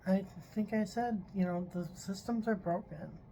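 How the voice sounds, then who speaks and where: A woman's voice: mid-range voice, moderate pace, warm tone, a little hiss or hum, low-quality recording. A woman talking in an earnest, frustrated personal vlog, doing a tarot reading and stopping now and then to apologize. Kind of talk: emotional personal vlog monologue.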